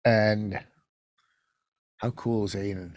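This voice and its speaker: A man's voice: fairly low pitch, fairly even intonation, takes it slowly, darkish tone, no room sound, studio quality. An older man co-hosting a podcast, telling stories in a rambling, defensive way. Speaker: podcast co-host. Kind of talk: casual chat.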